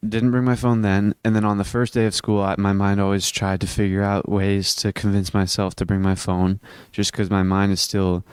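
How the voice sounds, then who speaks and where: A teenage boy vlogs about self-improvement in a deep, even, level voice that stays smooth and clear. He talks earnestly and rambles, restarting his sentences as he goes. The recording is close and dry, with no room sound. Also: no room sound. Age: teens. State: hiccuping. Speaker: vlogger. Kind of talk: casual self-improvement vlog.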